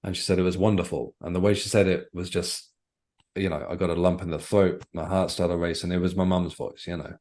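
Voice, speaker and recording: A man with a very low, deep voice, speaking as a guest author on a podcast. He tells his story in a reflective, earnest way and often stops to search for the right words. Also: little pitch movement, a little fast, a little mellow. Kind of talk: podcast interview, personal storytelling.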